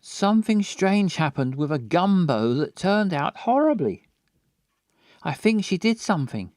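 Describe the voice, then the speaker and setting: A man's voice: sits high, sing-song, measured pace, a little mellow, dry recording, clean studio sound. A man voicing a friendly young woman who works as a waitress. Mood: suspicious.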